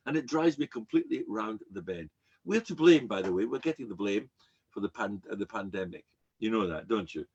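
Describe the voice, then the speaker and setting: An older man, a rabbi, giving an emphatic, animated sermon with frequent repetitions. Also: on the low side, fairly quick, slightly rough.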